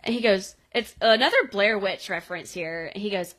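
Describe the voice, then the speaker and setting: A woman co-hosting a podcast, casually recapping a TV episode and acting out the characters' lines in quick voices. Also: mid-range voice, a bit bright, rough recording. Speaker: podcast co-host.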